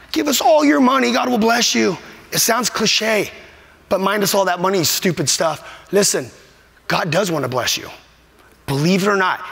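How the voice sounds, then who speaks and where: A man's voice: high-pitched, fairly bright tone. A man preaching a sermon as a pastor, emphatic and repetitive, at times choked up with emotion. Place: church sanctuary. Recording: long hall reverb.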